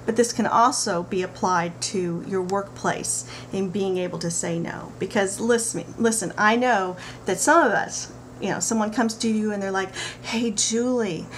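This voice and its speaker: A middle-aged woman talking to camera about parenting, telling stories in an animated way with playful asides. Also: mid-range voice, normal speed. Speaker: parenting vlogger. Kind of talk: casual talk to camera. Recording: faint background noise.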